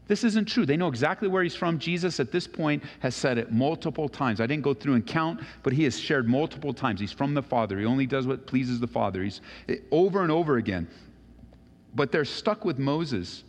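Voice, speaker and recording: A male pastor preaching a sermon, animated and acting out the voices of Bible figures. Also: a little high, fairly quick. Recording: long reverb of a large hall.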